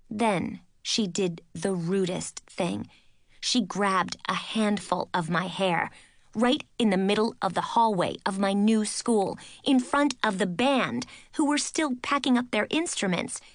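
A woman narrating a first-person audiobook in a lively, expressive storytelling manner. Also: medium pitch, a little slow, no room sound, clean studio sound.

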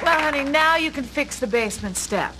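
An actress playing a lazy, teasing sitcom wife who talks in a slow, mock-sweet drawl. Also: female voice, high-pitched, lively intonation, pushed and bright, some chatter behind. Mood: smug. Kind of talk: sitcom acting. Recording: studio audience laughter, noisy TV audio.

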